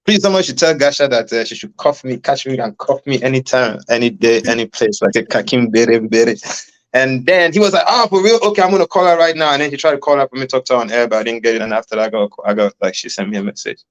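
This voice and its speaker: A man's voice: medium pitch, fast, poor audio. A man from Cameroon chatting casually as an interview guest, loose and rambling, full of fillers.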